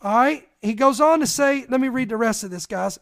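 An emphatic preacher speaks in a middle-pitched voice, reading accounts aloud and stopping often to talk straight to the listeners. The delivery has the call-and-response push of a sermon. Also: fairly quick. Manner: emphatic, addresses listeners directly with asides.

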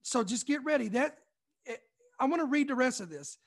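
A young man from Kentucky reading out news items and commenting on them emphatically, often repeating points slowly for effect. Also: extremely high pitch, lively intonation. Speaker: online commentary host.

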